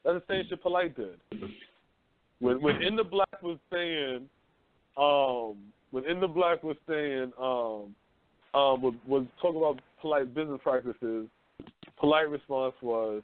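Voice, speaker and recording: Brief: thirties male radio host, high-pitched, loose and profane, tinny phone-line sound. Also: unhurried, no room sound. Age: 30s. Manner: loose, profane, animated storytelling. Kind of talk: casual talk radio chat.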